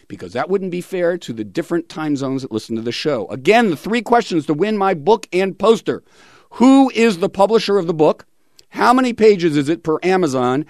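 A man's voice: on the high side, a little mellow, no room sound, clean studio sound. A middle-aged man hosting a radio talk show, chatting in a rambling way with many fillers.

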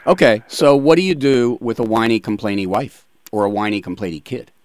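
Male talk radio host, lowish pitch, playful self-deprecating banter, dry studio sound. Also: no room sound. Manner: joking, self-deprecating, quick asides. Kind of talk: casual radio chat.

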